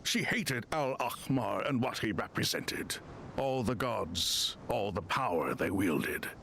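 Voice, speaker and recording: An ancient crocodile king from a video game, gravelly and solemn. His speech is formal and measured, with a lively rise and fall in pitch. A faint hiss of noise sits beneath it. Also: heavily acted.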